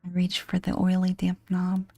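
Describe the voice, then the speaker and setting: A woman reading a horror game aloud in a hushed, breathy whispered role-play. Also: fairly low pitch, monotone, normal speed, dry recording, faint music behind. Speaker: game narrator.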